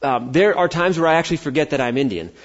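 An American pastor preaches a sermon, telling a personal story and acting out the voices of people he quotes. His voice is on the high side, expressive and quick, and the recording has a dull lo-fi sound.

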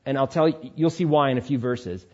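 A man preaching a sermon, switching between animated exhortation and quiet, soothing asides. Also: mid-range voice, a little fast, dull audio. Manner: animated preaching, drops to quiet soothing tones when voicing tempters. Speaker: pastor.

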